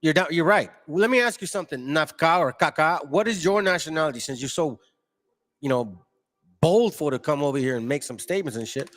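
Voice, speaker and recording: Fairly high-pitched and bright, this man's voice is expressive and moves along fairly quickly. As channel host on a livestream, he goes through the chat, combatively arguing with and mocking his viewers.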